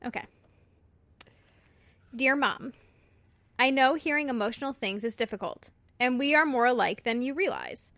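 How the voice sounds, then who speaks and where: Casting: young woman podcast co-host, fairly high voice, giggly and emotional, dry close sound. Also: very animated, fairly bright tone, no echo. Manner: giggly, emotional, quick to laugh. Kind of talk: casual chat.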